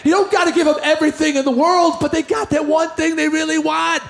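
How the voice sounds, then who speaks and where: A man's voice: very high-pitched, level tone, fast talker, vocal fry, a bit bright. A man from the New York area telling a brash, joking story on a live stage between songs. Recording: roomy live venue with faint music.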